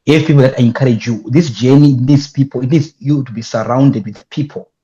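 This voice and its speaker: Young Zimbabwean-accented man, animated storyteller, warm mellow tone, dull lo-fi call audio. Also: medium pitch, brisk. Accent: Zimbabwean English. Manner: animated, emphatic, repeats himself when excited. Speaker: guest, youth leadership speaker. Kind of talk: casual interview storytelling.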